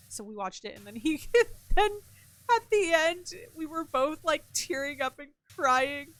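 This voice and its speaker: A chatty young woman with a high, light voice, streaming a game and talking off the cuff. She swears freely and answers comments from her chat as she plays. Her talk is loose and conversational. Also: animated, measured pace, a bit bright. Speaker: gaming streamer. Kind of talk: casual chat while playing a game.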